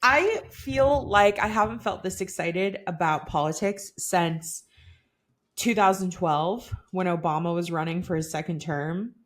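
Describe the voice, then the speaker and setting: A woman's voice: lowish voice, measured pace. A young woman co-hosting a podcast, chatting casually and gushing with frequent giggles. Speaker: podcast co-host. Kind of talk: casual chat.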